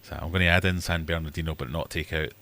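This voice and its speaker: A man's voice: a bass voice, fairly even intonation, fast talker, pushed and bright, slight background noise. A middle-aged man hosting a casual livestream chat, rambling jokily with self-mocking asides and acting out other people's voices. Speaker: livestream host.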